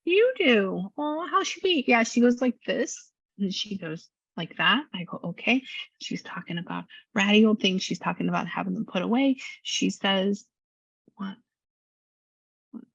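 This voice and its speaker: A woman psychic giving a casual reading, chatty and quick to act out what people say in lively voices. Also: mid-range voice, gravelly, breathy edge, dry recording. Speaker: psychic medium and astrology reader. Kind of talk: casual one-on-one reading session. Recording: dull lo-fi sound.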